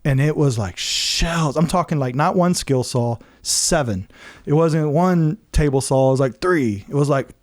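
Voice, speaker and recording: A man on a podcast telling a personal story in a casual, animated way, laughing often and acting out what people said. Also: on the high side, a little slow. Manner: many fillers and restarts.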